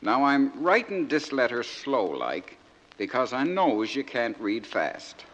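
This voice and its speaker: A man's voice: medium pitch, sing-song, slow pace, fairly bright tone, in a large hall, slight background noise, pitched above the performer's own voice, rough recording. A man voicing a naive young soldier from a small outport, telling his story in thick Newfoundland dialect with comic timing. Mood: folksy. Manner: folksy dialect storytelling with punchlines. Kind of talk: comic monologue.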